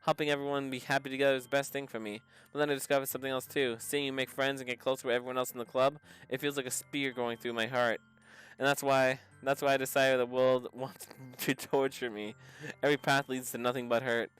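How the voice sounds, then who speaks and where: A man reading the lines of a gloomy teenage girl who admits her sadness, in a soft, subdued voice pitched below his own. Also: flat delivery, fast talker, clear, resonant tone, faint music behind, lightly acted. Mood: despairing. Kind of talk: reading visual novel dialogue aloud.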